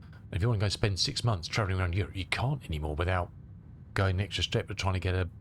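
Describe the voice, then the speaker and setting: A man's voice: sits low, fast, a bit bright, a little hiss or hum. A middle-aged man from England with a cold, chatting casually with his live-stream viewers and rambling as he answers their comments. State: has a cold. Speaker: flight sim streamer.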